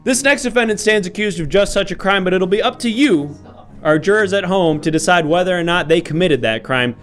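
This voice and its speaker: A man hosting an improv comedy livestream as a mock-formal judge, thanking viewers and questioning defendants, with a somewhat high voice over soft music. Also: lively intonation, brisk. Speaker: host playing a judge.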